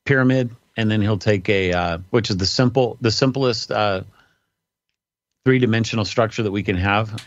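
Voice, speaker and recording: A man's voice: on the low side, no echo, muffled recording. A man, a pastor and podcast guest, talking casually with lots of fillers and restarts over remote call audio. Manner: rambling, many fillers and restarts.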